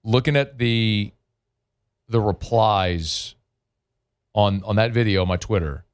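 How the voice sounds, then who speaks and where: Fillers-heavy radio host, low voice. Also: male voice, slow pace, clear, resonant tone. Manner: conversational, frequent fillers and restarts. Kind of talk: sports talk radio monologue.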